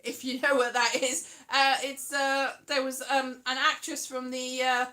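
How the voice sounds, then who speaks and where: A woman's voice: high voice, flat delivery, unhurried, pushed and bright. A British woman hosting a casual live stream, chatting playfully and drifting into sing-song. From United Kingdom.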